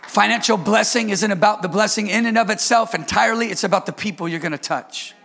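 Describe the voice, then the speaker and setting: A man preaches with a high, bright, ringing voice and a gravelly edge. He leads the congregation in call-and-response and rises to shouted peaks. Between them he drops into quiet, playful asides. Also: fast talker, a little hiss or hum. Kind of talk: sermon.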